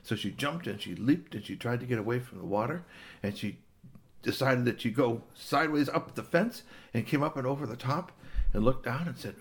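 A man's voice: medium pitch, animated, brisk. A man improvising a children's story about a cat, rambling along with fillers and little gasps.

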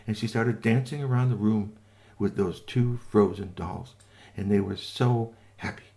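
A man telling a children's story with lively, sing-song narration and playful asides to listeners. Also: on the low side, moderate pace, gravelly.

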